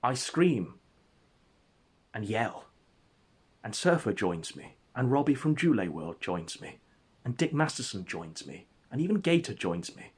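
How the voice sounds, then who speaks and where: A man spins an absurd tale in a mock-epic, deadpan storytelling voice. His voice is husky and breathy, sitting at an ordinary middle pitch. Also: measured pace, long pauses. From England. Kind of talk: comic storytelling narration.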